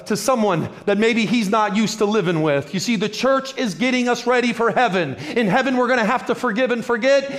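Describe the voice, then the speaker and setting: High-voiced man preaching a lively sermon. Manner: lively, humorous preaching with repeated phrases. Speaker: pastor.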